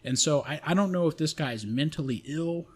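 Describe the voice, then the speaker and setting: A man's voice: on the high side, normal speed, breathy edge. A man co-hosting a podcast, telling a long personal story in casual, profane, rambling speech with frequent restarts. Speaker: podcast co-host.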